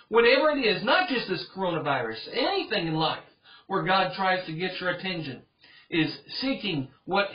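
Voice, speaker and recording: High-voiced man preaching earnestly. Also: highs cut off. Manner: earnest, repeats phrases for emphasis. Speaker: pastor. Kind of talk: Bible study sermon.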